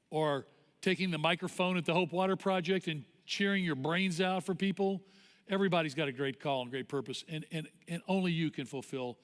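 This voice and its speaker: A male pastor preaching a sermon in an animated, conversational storytelling way. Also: fairly high pitch. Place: church auditorium. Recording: long church hall reverb.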